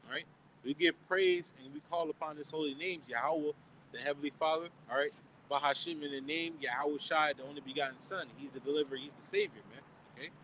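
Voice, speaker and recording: Man, high-ish voice, street preacher in a casual Bible study, "man" and "okay?" after every line, faint traffic behind. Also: a bit bright, low-quality recording. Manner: asks questions and answers them himself. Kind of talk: informal outdoor Bible teaching.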